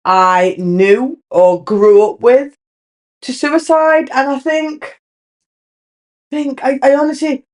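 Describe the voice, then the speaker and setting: A woman's voice: high voice, steady tone, slow, pauses often. A young woman, hosting her own podcast, talking candidly and rambling with many restarts. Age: young adult. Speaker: podcast host. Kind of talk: casual solo chat.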